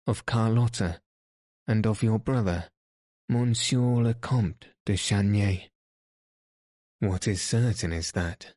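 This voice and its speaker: A man's voice: fairly low pitch, a little mellow, dry recording, clean studio sound. A man voicing a smug, self-satisfied police commissary who questions and lectures in a pointed way.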